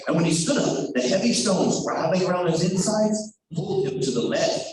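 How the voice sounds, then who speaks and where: A male storyteller performing a folk tale for children, high-pitched and very lively in his swooping, theatrical narration. He sounds far from the mic in a very echoey room, with noise behind him. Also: normal speed.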